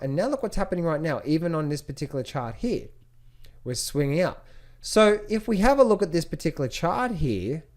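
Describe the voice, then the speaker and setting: A man teaching trading as he walks through charts, repeating key phrases and asking rhetorical questions. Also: a little high. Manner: repetitive, rhetorical questions, animated pointing out. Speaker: trading educator. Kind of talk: screen-share chart walkthrough.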